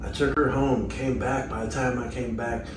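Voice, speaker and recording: Middle-aged man, animated storyteller, recorded from across an echoey room. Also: mid-range voice, moderate pace, distant mic, background noise. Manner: animated storyteller, acts out quotes. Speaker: host, musician. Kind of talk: casual reminiscing chat.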